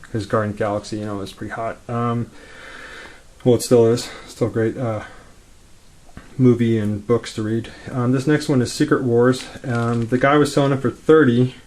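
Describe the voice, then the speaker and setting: A laid-back man chatting through a casual show-and-tell, his voice sitting at an ordinary middle pitch. He rambles along quickly with plenty of fillers and restarts. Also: steady tone, darkish tone. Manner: talks quickly. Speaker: comic collector vlogger.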